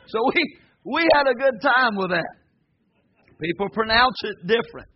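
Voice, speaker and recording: A man preaching a folksy, joking sermon in a church, his voice high and a little husky. He talks casually with the congregation, then rises into loud, shouted praise. The recording sounds dull and muffled. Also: expressive, normal speed. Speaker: pastor. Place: church sanctuary before a congregation.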